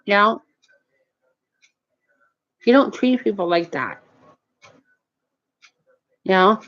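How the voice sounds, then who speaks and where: A woman tells a long, indignant story in a rambling rant, with frequent restarts, heavy swearing, nonstandard grammar and plenty of "you know what I mean." Her mid-range voice is animated and she draws her words out. The audio is dull and lo-fi.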